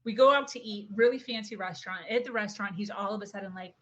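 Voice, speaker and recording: A young adult woman telling a personal story in a casual, animated way, often saying "like" and acting out what people said. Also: medium pitch, fast talker, hardly any pauses, highs cut off. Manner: animated, acts out quotes, says "like" often. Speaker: podcast guest.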